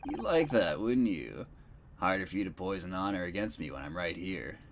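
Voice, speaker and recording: A man doing a low, smarmy ex-husband. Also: sing-song, normal speed, a little hiss or hum. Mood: contrite. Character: smarmy, regretful male ex-husband, adult.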